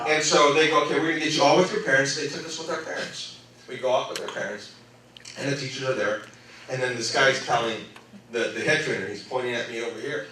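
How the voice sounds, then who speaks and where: A man pastor telling a story during a sermon, animated and acting out the voices of the people in it. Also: mid-range voice, fairly quick, crowd noise. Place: church sanctuary. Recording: echoey church hall, mic at a distance.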